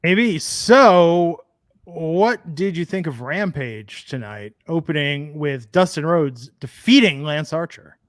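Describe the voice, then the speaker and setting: Co-host, male, high voice, dry close sound, rambling anecdotes with laughs. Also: expressive, takes it slowly, no room sound. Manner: rambling storyteller, laughs often. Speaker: podcast co-host. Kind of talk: casual chat.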